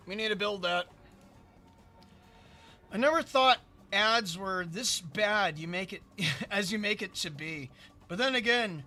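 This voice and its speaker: A hoarse man losing his voice, ranting in casual let's-play commentary and reading chat aloud. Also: high-pitched, sharp tone. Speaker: gaming streamer.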